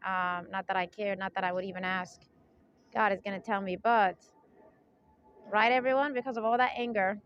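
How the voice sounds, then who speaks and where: A woman vlogger at middle pitch talks on and on in an emphatic, insistent way, often tossing in quick check-ins to her listeners. She is recorded outdoors. The sound is dull and lo-fi. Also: a little hiss or hum. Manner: emphatic, rambling, keeps checking in with "right?" and "okay?"; forceful, insistent tone. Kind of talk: casual spoken monologue.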